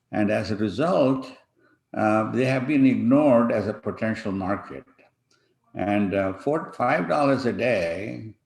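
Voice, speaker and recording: Slow, halting man on an echoey call. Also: lowish voice, vocal fry, a little mellow. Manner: halting, many fillers and restarts. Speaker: conference panel speaker. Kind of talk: online conference talk with slides. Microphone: video call. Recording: echoey room.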